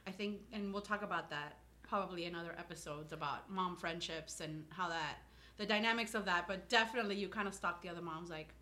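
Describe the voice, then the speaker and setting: A woman's voice: on the low side, brisk, bright, forceful tone. A woman from South Florida co-hosting a podcast, telling a long-winded story in casual chat and laughing often. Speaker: podcast co-host.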